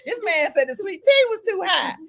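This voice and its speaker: A woman, co-hosting a casual chat and telling stories in an animated way, laughing often. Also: very high voice, normal speed. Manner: animated storytelling, laughing, loud retorts. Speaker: podcast co-host.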